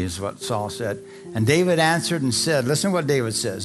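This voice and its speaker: A man preaches in a storytelling way and keeps turning to the congregation with questions. His voice sits at a middle pitch, and he reads scripture between the stories. A faint guitar plays behind him. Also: animated, a little fast. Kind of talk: sermon with scripture reading.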